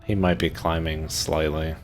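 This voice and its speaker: A man in his thirties from Maryland, USA, chats casually while live-streaming a game, with faint music in the background. His rumbling low voice is flat and unhurried, and he rambles in a laid-back way, leaning heavily on "like" as filler.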